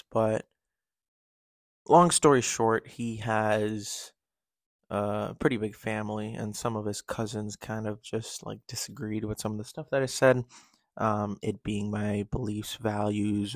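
A man's voice: lowish voice, dry recording. A man hosting his own podcast, talking candidly in a rambling solo monologue full of fillers and restarts. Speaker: podcast host.

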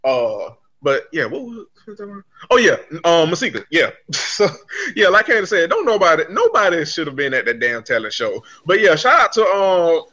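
A man in casual chat with a bright, forceful tone that sits a touch high. He talks in an animated, profane way, often laughing through his stories. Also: moderate pace. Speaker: podcast co-host.

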